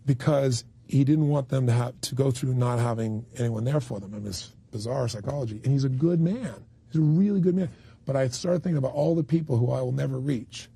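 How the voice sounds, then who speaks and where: This man, a motivational speaker, has a deep, gravelly rasp and a warm tone, speaking fairly quickly with no room sound. During a candid interview he storytells in a blunt, emphatic way, dropping a swear word from time to time.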